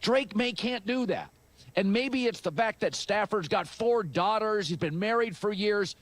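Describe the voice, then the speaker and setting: A man giving sports commentary in a played clip, arguing his point in a measured way with analogies. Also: high-pitched, lively intonation, no room sound. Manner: measured, argumentative, uses analogies. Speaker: sports analyst.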